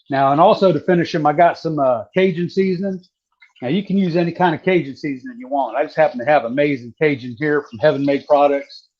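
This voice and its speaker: A man from southeastern Virginia, chatting casually while demonstrating how to fry catfish. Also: on the high side. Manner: folksy, relaxed, drawling. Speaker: cooking guest. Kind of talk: casual cooking demo on a live stream. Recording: dull lo-fi stream audio.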